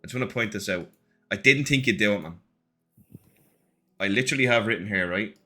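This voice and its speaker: A man running a tabletop game as game master, in an animated, encouraging way. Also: fairly low pitch, brisk, soft background music.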